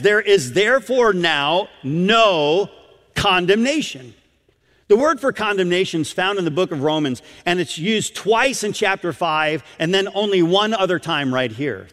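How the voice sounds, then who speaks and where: A man preaching a sermon as pastor, emphatic, with dramatic pauses and questions put to the congregation. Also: sits high, fairly bright tone, in a large hall.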